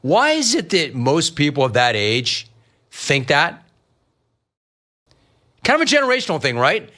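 A middle-aged man hosting a sports talk radio show, riffing lively on callers and the news. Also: a little high, measured pace. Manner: lively, riffing, mock-quoting callers and family.

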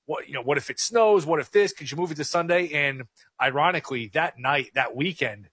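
A man's voice: a little high, a little fast, a bit bright, breathy edge, no echo. A man co-hosting a sports talk show, chatting casually with short, dry remarks. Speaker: sports radio co-host.

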